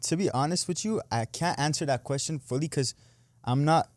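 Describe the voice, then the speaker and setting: A man's voice: fairly high pitch, fairly quick, no room sound. A young man from Canada, an online creator and amateur boxer, chatting casually as a guest and trailing off with lots of "like". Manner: laid-back, laughs easily, trails off with "like". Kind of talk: casual interview chat.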